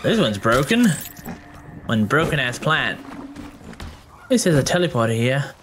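A man's voice: mid-range voice, sing-song, unhurried, slight background noise. A man giving joking, exclamatory commentary while playing a video game. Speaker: gameplay streamer. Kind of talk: let's play commentary. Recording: voice over loud game music.

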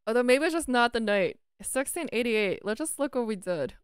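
Smooth-voiced chatty woman commentating chess. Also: a little high, expressive, moderate pace, hardly any pauses, no echo, studio quality. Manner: chatty, self-talking, swears playfully; breaks into sung lines. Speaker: chess streamer.

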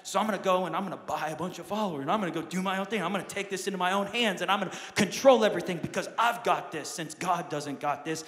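A young man preaching a lively sermon as pastor, swinging from quiet asides to loud shouts. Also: sits high, quick pace, few pauses, in a large hall. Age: young adult.

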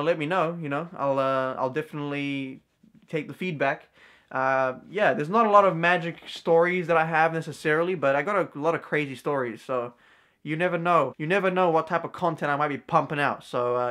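A man's voice: fairly high pitch, a little fast, a bit bright. A young man, a vlogger and card magician, telling a story casually to camera with lots of slang and fillers. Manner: slangy, full of fillers and "bro".

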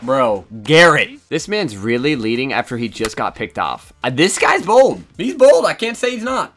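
A man giving excited live commentary on his own video game match, swinging from low muttering to loud yelling and swearing often. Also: moderate pace, faint music behind. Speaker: gaming YouTuber.

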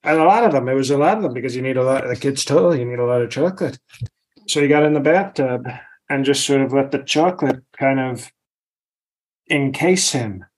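A comedian putting on a boastful older politician who rambles, stalls on "uh" and "you know," and veers from one tangent to the next. His voice sits at an ordinary middle pitch, delivered in a meandering comic podcast style. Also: lively intonation, fairly quick, a little mellow, close to an everyday voice. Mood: rambling. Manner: meandering, self-interrupting, digressive bragging.

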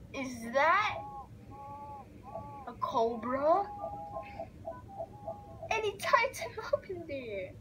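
A woman giving excitable let's-play commentary, reacting loudly and narrating the action on screen. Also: a little high, a little hiss or hum, poor audio. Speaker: gaming video creator.

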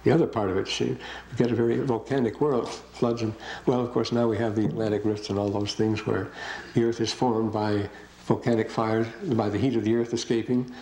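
A man's voice: on the low side, little pitch movement, a little fast, warm tone, a little hiss or hum, low-quality recording. Older man lecturing with asides. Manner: reads verses aloud and comments in asides, rambling. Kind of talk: classroom scripture lecture.

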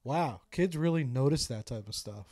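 A man's voice: mid-range voice, lively intonation, normal speed, mellow, no echo, clean studio sound. A man hosting a podcast, chatting in a loose, slangy way. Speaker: podcast host. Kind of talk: casual podcast chat.

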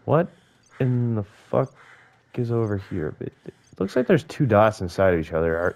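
A man's voice: mid-range voice, very animated, a little slow, long pauses, darkish tone. A young man giving casual, profane gameplay commentary, joking and talking to the creatures on screen. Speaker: gaming YouTuber.

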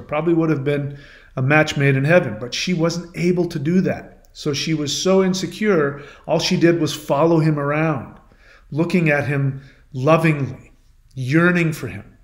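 Male host, storytelling, conversational, explanatory asides, higher voice, echoey room. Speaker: channel host. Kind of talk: storytelling, retelling a myth as a lesson. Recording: roomy echo.

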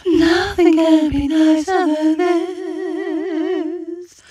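A woman putting on a slow, high sing-song voice for an outro. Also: steady tone, dark tone, no echo, heavily acted.

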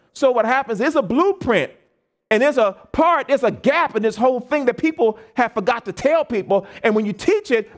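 American male preacher, animated, voice pitched a bit high, talks back and forth with the congregation. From United States. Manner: animated, call-and-response questions to the congregation; acts out quoted people in changed voices. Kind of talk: camp meeting sermon.

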